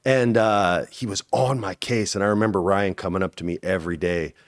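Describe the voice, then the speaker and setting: At a fairly quick pace, a man in his forties who acts for a living recounts stories as a guest on an interview. He voices the quotes himself, suddenly pitching up high.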